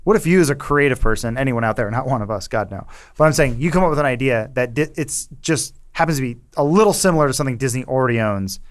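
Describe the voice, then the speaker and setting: A man talking casually on a podcast panel at a middling pitch. He rambles, circles back and restarts sentences as his thoughts run on. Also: animated, fast talker. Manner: rambling, self-interrupting. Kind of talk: casual chat.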